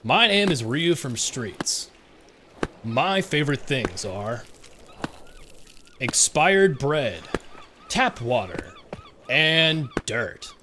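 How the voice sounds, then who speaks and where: A man voicing a dopey male street fighter in a slow, dim-witted deadpan. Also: fairly high pitch, noisy background, heavily acted.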